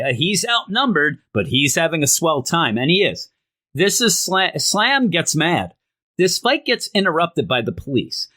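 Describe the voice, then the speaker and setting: A man casually reviewing an old comic book, rambling and retelling the story with animated asides. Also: a little high, a little slow.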